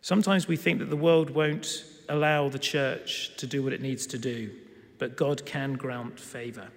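A man preaching a sermon, telling a story and acting out the quoted lines with lively emphasis. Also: mid-range voice, unhurried. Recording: long hall reverb.

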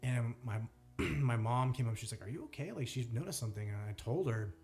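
With a medium-pitched, darkish voice and an expressive delivery at normal speed, this male podcast co-host tells a meandering story. Fillers and restarted sentences pepper his casual conversation.

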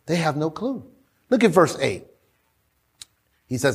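Animated high-voiced male preacher. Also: normal speed, slightly rough. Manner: animated, conversational, laughing asides. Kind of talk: sermon.

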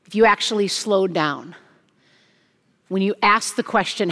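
A young adult woman, a junior high pastor, preaching an animated chapel sermon and acting out the voices she quotes. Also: normal speed. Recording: long hall reverb.

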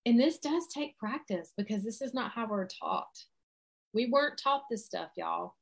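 A woman's voice: on the high side, a little slow, gravelly. A woman, speaking as a coach in an earnest motivational talk and acting out examples of self-talk. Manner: earnest, animated, acts out inner self-talk.

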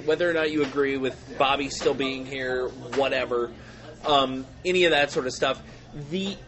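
A man co-hosting a soccer podcast in casual chat, ranting and repeating himself as he builds a point. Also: medium pitch. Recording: loud crowd behind.

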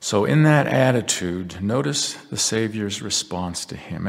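A deep-voiced man with a gravelly, husky tone gives a slow, earnest devotional talk. His voice rings with the long reverb of a large hall. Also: lively intonation. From United States. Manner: reflective, earnest storytelling with scripture readings. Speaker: religious speaker.

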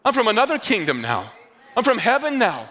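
A man from the Northeastern United States preaching a sermon as pastor, animated and telling stories with acted-out dialogue. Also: high voice, brisk.

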